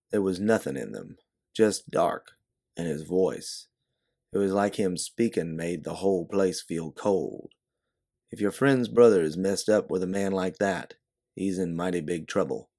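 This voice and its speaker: A man voicing a large doorman who speaks gravely and ominously. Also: low-pitched, darkish tone. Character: big watchful doorman, grave and knowing.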